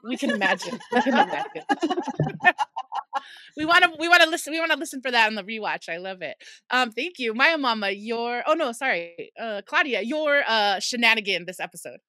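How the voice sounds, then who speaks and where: A woman's voice: fairly high pitch, animated, fairly quick, dry recording, studio quality. A woman hosting a fan podcast who leads the segments and encourages the others with frequent affirmations. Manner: warm moderator, many affirming mm-hmms. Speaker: podcast host. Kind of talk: casual chat.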